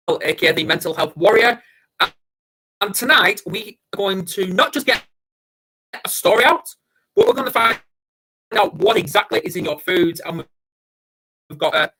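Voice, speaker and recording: Hosting a live online interview over video call, a man with a Northern English accent fires quick questions in a chatty, upbeat, casual way. His voice is high-pitched and bright, with a forceful tone.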